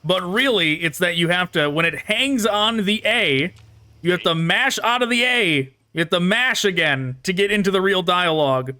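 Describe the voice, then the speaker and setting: A man's voice: sits high, expressive, moderate pace, sharp tone, clear, resonant tone. A man hosting a gaming channel, chatting casually and laughing as he critiques a game while playing it. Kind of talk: casual gameplay commentary.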